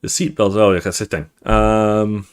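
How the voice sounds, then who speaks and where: Low-voiced man reading a horror game aloud. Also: level tone, a little slow, clear, resonant tone. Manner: reads text aloud with stumbles and asides. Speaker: let's play host. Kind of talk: reading a visual novel aloud.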